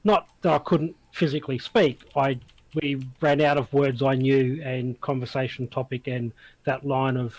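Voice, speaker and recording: A man's voice: mid-range voice, steady tone, normal speed, no room sound, rough recording. An Australian man chatting as a guest, plainspoken, with hesitant starts. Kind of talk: casual chat.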